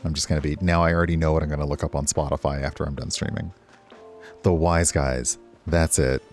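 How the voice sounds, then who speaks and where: A man's voice: extremely low pitch, flat delivery, brisk, soft background music. A man streaming a cosy video game, chatting casually with his viewers and rambling on side topics. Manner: rambling, chatty, talks to chat. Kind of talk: casual gameplay commentary.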